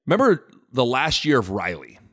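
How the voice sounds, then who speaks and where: A man's voice: medium pitch, huge pitch swings, normal speed, bright, forceful tone. A man hosting a casual sports talk podcast, rambling and jokey, with frequent restarts as he breaks down a game.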